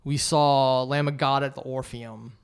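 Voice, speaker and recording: A man's voice: medium pitch, steady tone, unhurried, creaky, smooth. A man co-hosting a podcast, chatting casually with loose, rambling talk and a lot of swearing. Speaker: podcast co-host. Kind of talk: casual chat.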